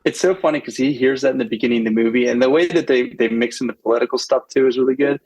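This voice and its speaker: A man's voice: medium pitch, very fast, darkish tone, poor audio. A man co-hosting a podcast in casual chat, enthusiastic and rambling with many restarts. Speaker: podcast co-host.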